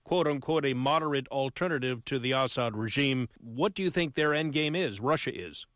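A man reporting the news in a brisk, scripted delivery. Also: medium pitch, fairly bright tone, no echo, studio quality.

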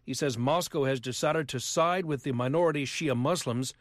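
A man reporting the news in a brisk, scripted delivery. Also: medium pitch, no room sound, studio quality.

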